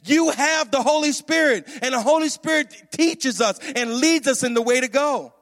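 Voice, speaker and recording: A male pastor preaching a sermon, animated and repetitive, often calling out questions to the congregation. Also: very high-pitched, normal speed, long reverb tail. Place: church.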